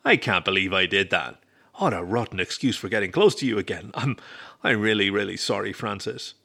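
A man's voice: on the low side, a little fast, gravelly, pushed and bright, husky, exaggerated voice. A man voicing an earnest, self-doubting young male wolf in a storybook reading, speaking in a hesitant, apologetic way. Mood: sheepish.

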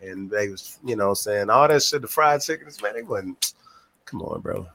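A man's voice: lowish voice, lively intonation, normal speed, creaky, a bit bright, no room sound. A man in casual chat, slangy and profane, laid-back.

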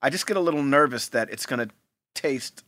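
A man's voice: medium pitch, expressive, a little fast, fairly bright tone, no echo. A man co-hosting a podcast in laid-back casual chat, slangy and saying "man" often. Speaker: podcast co-host.

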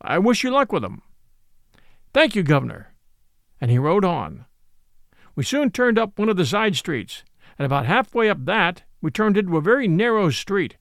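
A man reading a classic novel aloud as an audiobook, in a gentle storytelling manner. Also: high-pitched, dry recording, studio quality. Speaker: audiobook narrator. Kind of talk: scripted narration of a classic novel.

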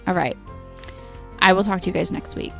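A woman's voice: lowish voice, fairly even intonation, a little fast, gravelly, bright, forceful tone, faint music behind. A woman in her thirties hosting a podcast, giving a casual, earnest pep talk to other moms. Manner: earnest, pep-talk, direct address to listeners. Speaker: podcast host.

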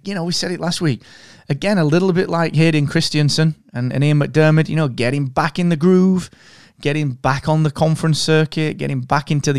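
A man's voice: a little high, fairly even intonation, fairly quick, a little mellow, clear, resonant tone, dry recording, studio quality. A man co-hosting a podcast in casual chat, enthusiastic and friendly, calling his co-host mate and dude.

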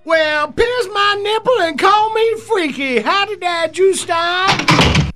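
A man voicing a slow-talking husband, in a comic radio skit. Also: extremely high pitch, music in the background. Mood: friendly drawl.

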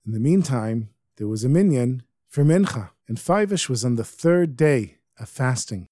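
A man's voice: mid-range voice, mellow, no room sound. Man telling a tale, dry close sound. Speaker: storyteller.

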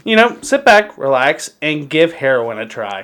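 Male podcast co-host, raised pitch, lively swings, crude humor. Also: moderate pace. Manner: crude, laughs often, animated. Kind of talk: crude casual banter.

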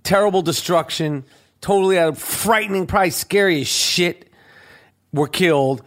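A man's voice: high voice, moderate pace. A man hosting a loose, profane podcast chat in a studio. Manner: animated, profane, laughs a lot. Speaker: podcast host.

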